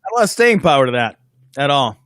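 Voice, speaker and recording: A man's voice: fairly high pitch, very animated, quick pace, fairly bright tone, no room sound, studio quality. A man co-hosting a live stream, chiming in with wisecracks, laughter and swearing. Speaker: co-host of a live-stream show. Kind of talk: casual comedic chat.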